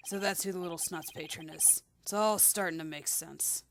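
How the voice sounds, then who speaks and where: A woman's voice: fairly low pitch, moderate pace, background noise, lightly acted. A woman voicing a smug, sly middle-aged man who teases his rival, in a spoken game playthrough.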